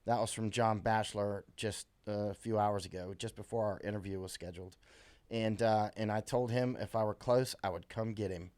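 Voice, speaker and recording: A man's voice: on the low side, steady tone, normal speed, a little mellow. American man rambling on a live stream. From USA. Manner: rambling, with many fillers and restarts, reads comments aloud. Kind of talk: casual live-stream chat reading viewer comments.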